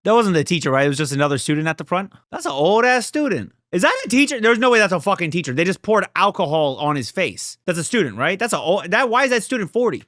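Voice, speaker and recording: A man's voice: big pitch swings, fast, few pauses, no room sound, studio quality. A young man reacting to a drama series, talking casually with heavy swearing and heated outbursts. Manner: profane, heated and emphatic, swings between loud outbursts and low muttering. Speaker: reaction video creator.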